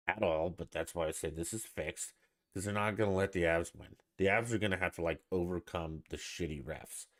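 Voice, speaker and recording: A deep, slightly bright-voiced man hosts his own podcast solo, ranting casually in a blunt, irritated and profane way.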